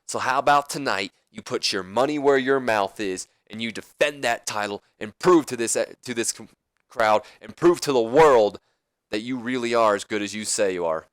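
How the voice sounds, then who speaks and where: Man voicing a cocky male wrestler, brash, taunting, raised loud voice, very dry close sound. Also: medium pitch, no echo, natural voice.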